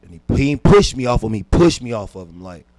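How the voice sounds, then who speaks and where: A man, a comedian guest on a podcast, telling a personal story intensely and dropping from hushed to loud, with frequent repeats and restarts. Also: medium pitch, very animated, fast, no echo. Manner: repeats words and restarts while recounting.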